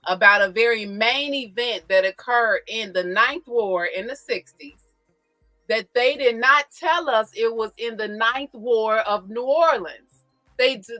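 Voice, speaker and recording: Bright, animated woman host. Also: a little high, no room sound. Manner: animated, teasing, laughs often. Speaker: show host. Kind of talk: casual chat.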